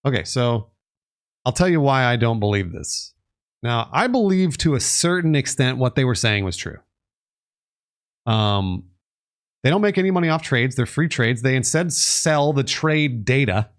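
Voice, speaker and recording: A man casually explaining on a live stream, reading bits of articles aloud and rambling with restarts and the odd curse word. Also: mid-range voice. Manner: rambling, reads articles aloud, restarts and fillers, occasional swearing.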